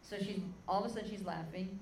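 A woman's voice: medium pitch, fast, darkish tone, reverberant, slight background noise, poor audio. A woman preaching a sermon, telling an emotional testimony story and calling out to the crowd as "guys".

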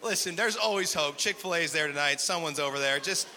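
A man's voice: a little high, fast talker, pushed and bright, a little hiss or hum. A man preaching at a community gathering, joking with and questioning his audience. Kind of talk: lively sermon with crowd interaction. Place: large hall with live audience. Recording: long hall reverb.

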